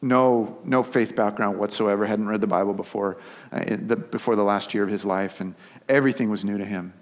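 A man's voice: fairly low pitch, fairly even intonation, a little fast, long reverb tail. A man preaching a sermon as pastor, telling stories conversationally with restarts and filler words.

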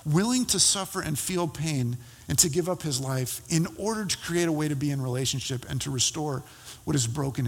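A man preaching as a pastor, telling a personal story in a conversational, halting way with many fillers and restarts. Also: fairly high pitch, slightly rough, in a large hall. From California.

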